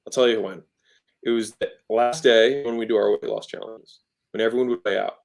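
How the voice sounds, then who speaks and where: A man's voice: fairly low pitch, fairly even intonation, a little fast, gravelly. Guy in his 30s talking sales on a podcast, emphatic, plays with his tone a lot. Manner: emphatic, demonstrates tone shifts with his voice. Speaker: podcast guest, entrepreneur. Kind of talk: conversational teaching about sales.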